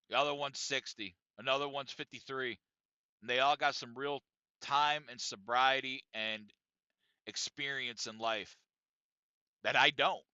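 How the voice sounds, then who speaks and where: A man's voice: mid-range voice, bright, forceful tone, dry recording. A man hosting his own podcast, talking bluntly and confessionally with a lot of profanity. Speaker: podcast host. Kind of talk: casual monologue podcast. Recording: dry, dull lo-fi sound.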